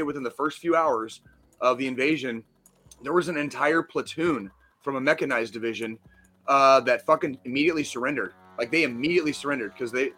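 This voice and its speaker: A man co-hosting a gaming podcast, talking in a loud, profane, rallying casual chat. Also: mid-range voice. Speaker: podcast co-host.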